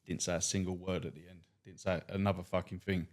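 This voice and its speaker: With a deep voice and a quick pace, a man who drives a cab and does stand-up recounts stories on a podcast. He's a blunt, deadpan storyteller whose anecdotes are full of profanity.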